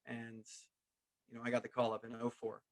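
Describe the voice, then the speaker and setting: Animated storytelling man around forty. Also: medium pitch, fairly quick. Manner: animated, chuckling, keeps saying "man". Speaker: guest, former pro baseball player. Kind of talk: casual storytelling.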